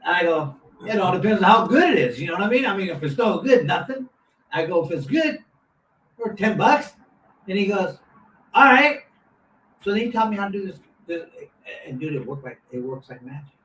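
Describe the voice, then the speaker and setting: A man's voice: high voice, fast talker. Man rambling through a story, roomy sound. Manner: rambling, animated anecdote with many restarts. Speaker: guest, former boxer. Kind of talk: casual storytelling. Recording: roomy, distant mic, faint noise.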